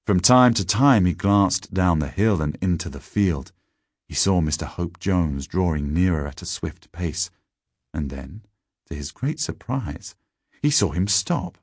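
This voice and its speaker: Man, very low voice, husky, measured audiobook narration, dry recording. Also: lively intonation, dry recording. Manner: measured, deliberate reading.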